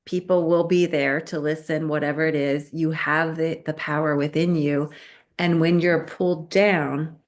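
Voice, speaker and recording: A middle-aged woman in casual podcast chat, telling a story with animated storytelling and acting out quoted voices. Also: low voice, unhurried.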